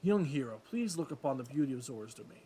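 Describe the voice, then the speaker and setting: A man's voice: medium pitch, sing-song, fast talker, dark tone, slight background noise, natural voice. A man reading as a stately old fish-folk king. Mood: regal. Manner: formal, courtly phrasing. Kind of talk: let's play voice reading.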